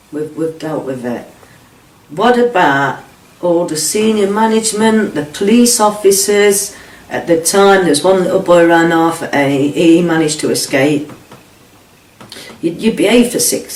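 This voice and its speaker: A middle-aged man, giving blunt, sweary personal testimony in an interview and repeating himself as he retells events. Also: on the high side. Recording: roomy, distant mic, faint ambience.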